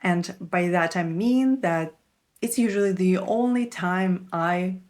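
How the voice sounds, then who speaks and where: A Russian woman, whose first language is Russian, reviews a show in a scripted video essay, speaking slowly in a lowish, darkish voice. She is a TV show reviewer and English teacher, and her commentary comes across as wry, candid and enthusiastic.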